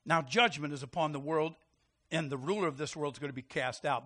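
A man preaching a sermon, animated, quick to laugh and calling out questions to his congregation. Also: fairly high pitch. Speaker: pastor.

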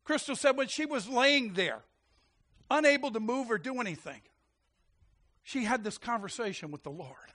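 A man preaching a sermon, animated, quick to laugh and calling out questions to his congregation. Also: very high voice. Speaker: pastor.

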